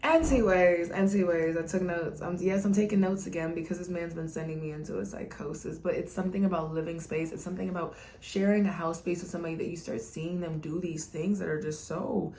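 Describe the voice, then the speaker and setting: A young woman vlogger, venting candidly to her camera in casual, animated talk and often mimicking the people she quotes. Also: on the low side, brisk, hardly any pauses, slight background noise. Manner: candid and animated, slipping into mocking quoted voices.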